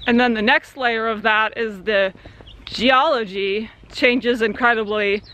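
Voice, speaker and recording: A woman's voice: a little high, steady tone, unhurried, sharp tone. A young woman from Central Arizona, talking casually in a rambling vlog by a creek swimming hole, with many fillers. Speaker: vlogger. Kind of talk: casual outdoor vlog talk.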